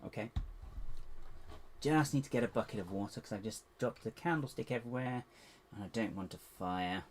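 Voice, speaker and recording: A man chatting to viewers in a casual building vlog, rambling to himself with playful squeaky exclamations. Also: moderate pace, long pauses, a little hiss or hum. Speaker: LEGO builder and channel host.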